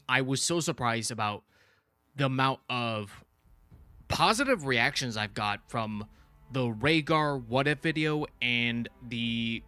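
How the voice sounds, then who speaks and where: Bright-voiced man rambling on a livestream. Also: medium pitch, dry recording. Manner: rambling and excitable, self-correcting with fillers. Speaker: channel host reviewing a TV show. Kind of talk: casual livestream commentary.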